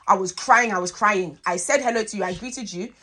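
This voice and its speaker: A woman's voice: medium pitch, fairly quick, sharp tone. A young woman, hosting a podcast and telling a story in a casual, emphatic way, repeating herself for emphasis. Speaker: podcast host.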